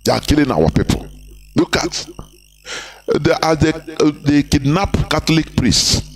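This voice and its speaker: A man's voice: a little high, animated, unhurried, soft background music. A man giving an impassioned live broadcast, emphatic and repetitive, firing rhetorical questions at his listeners.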